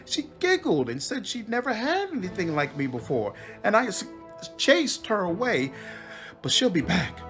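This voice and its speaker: A man's voice: sits high, sing-song, moderate pace, fairly bright tone, soft background music, voice pushed up. A man voicing a vain female swamp demon queen who is petulant, whiny and awkwardly flirtatious.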